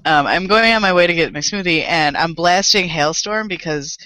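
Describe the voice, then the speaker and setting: A woman co-host chats loosely on a live podcast, rambling, swearing and laughing. Her voice is bright and forward, caught close on a dry home microphone. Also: fairly low pitch, dry recording, rough recording. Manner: rambling, profane and quick to laugh. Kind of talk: casual chat.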